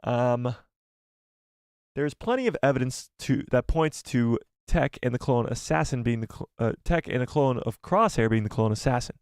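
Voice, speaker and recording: A man's voice: medium pitch, expressive, moderate pace, clean tone, no echo, clean studio sound. Chatty man hosting a live stream. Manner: chatty, jokey, thinks aloud with restarts. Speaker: live stream host reading viewer chat. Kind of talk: casual live stream chat.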